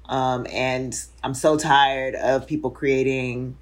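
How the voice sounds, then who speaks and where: Low-voiced reflective woman. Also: little pitch movement, slow. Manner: reflective, laughs often, many fillers. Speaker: guest, show creator. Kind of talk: casual interview conversation.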